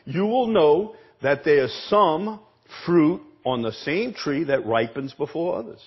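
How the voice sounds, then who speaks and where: A man preaching a sermon as pastor, emphatic, repeating words and asking the congregation questions, with a husky voice. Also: fairly high pitch, expressive, slow, highs cut off. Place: church sanctuary.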